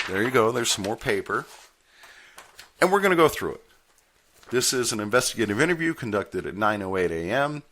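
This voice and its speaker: A man's voice: deep voice, a bit bright. A man hosting a podcast, telling a story in a wry, candid manner and reading papers aloud as he goes. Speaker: podcast host and postal union steward. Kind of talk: storytelling monologue.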